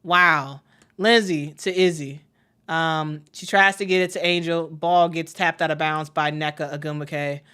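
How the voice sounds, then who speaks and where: A woman calling a live basketball game for her stream, chatty and excitable, talking straight to her viewers. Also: low voice, a little slow, clear, resonant tone. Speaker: play-by-play commentator. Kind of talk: casual live play-by-play stream.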